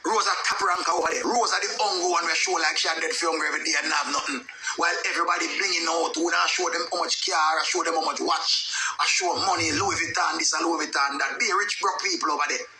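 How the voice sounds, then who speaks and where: A man with a Jamaican accent giving casual, animated gossip commentary. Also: a little high, fast, hardly any pauses, roomy sound, background noise. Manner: animated, emphatic storytelling.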